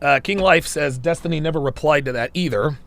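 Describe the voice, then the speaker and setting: A man's voice: a little high, brisk, creaky, heavy background noise. A man hosting a live stream, reading viewer comments and answering with crude, joking banter. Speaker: livestream host reading chat. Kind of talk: casual livestream chat.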